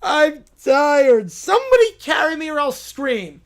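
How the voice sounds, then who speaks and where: A man's voice: very high voice, big pitch swings, unhurried, full character voice. A man voicing a whiny, spoiled little princess girl who demands and complains. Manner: whining, demanding.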